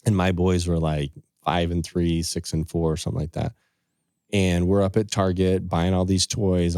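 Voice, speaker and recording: A middle-aged man, a financial advisor, telling personal stories in a relaxed podcast conversation and quoting scripture and sayings earnestly. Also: deep voice, dry recording, studio quality. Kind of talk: casual storytelling in conversation.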